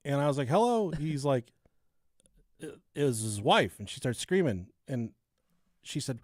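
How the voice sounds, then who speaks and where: A man's voice: medium pitch, very animated, normal speed, darkish tone, no room sound, studio quality. A man co-hosting a podcast, telling a true-crime story and chatting casually, swearing and laughing at his own jokes. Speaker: podcast co-host.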